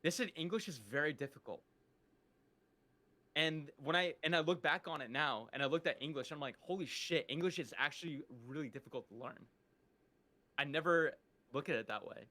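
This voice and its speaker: A man's voice: a little high, a little fast, sharp tone. A young man from upstate New York co-hosting a podcast, chatting casually and laughing often. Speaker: podcast co-host. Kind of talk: casual chat.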